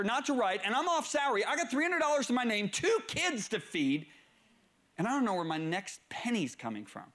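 High-voiced animated male preacher. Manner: animated, swings from low murmurs to raised excited bursts. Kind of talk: storytelling sermon.

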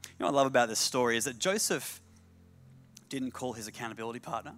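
Man preaching in mid pitch, phrases repeated. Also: fast, a bit bright, soft background music. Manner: repeats key phrases for emphasis, with humorous asides. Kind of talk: sermon.

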